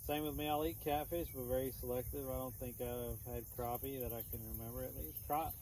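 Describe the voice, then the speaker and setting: A man's voice: medium pitch, steady tone, a little fast, a little mellow, slight background noise, low-quality recording. A man with a Texan accent, chatting casually with his stream viewers in a rambling, easygoing way, with many restarts. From Texas. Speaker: streamer answering chat. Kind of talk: casual chat. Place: outdoors in the countryside. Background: crickets and insects chirping faintly.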